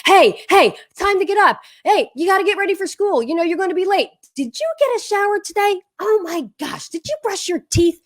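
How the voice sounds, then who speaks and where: Woman doing a nagging, rushed mother. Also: extremely high pitch, animated, pitched above the performer's own voice. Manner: hurried, exasperated nagging. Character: nagging mother rushing her kids in the morning.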